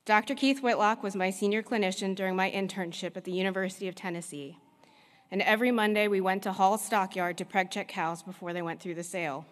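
A veterinarian giving a prepared commencement address, speaking in a measured, earnest way with deliberate pauses. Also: female voice, mid-range voice, fairly even intonation. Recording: long reverb of a large hall.

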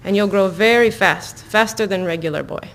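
A woman reading aloud and voicing a jovial older man who teases a boy, in a slow, halting, faintly foreign-tinged delivery, like a storybook reading. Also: mid-range voice, natural voice. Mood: teasing. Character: older man, a visitor in a long black coat, jovial.

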